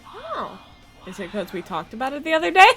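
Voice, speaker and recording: A woman's voice: sits high, wildly swooping pitch, a little fast, fairly bright tone, soft background music. A woman co-hosting a let's play, chatty and teasing, laughing often. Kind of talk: casual gameplay commentary.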